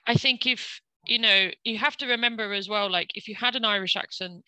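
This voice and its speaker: A woman with an English accent, a guest chatting casually and warmly with many fillers. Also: medium pitch, brisk, clear, resonant tone, no echo, low-quality recording. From England, London. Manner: chatty, frequent fillers and laughs. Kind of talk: casual conversation.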